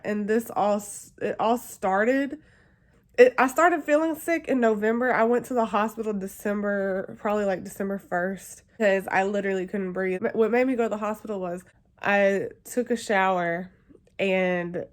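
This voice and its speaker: A young woman vlogging, telling a personal story in a chatty, emotional way with lots of fillers. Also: mid-range voice. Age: young adult. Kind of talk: casual storytelling to camera.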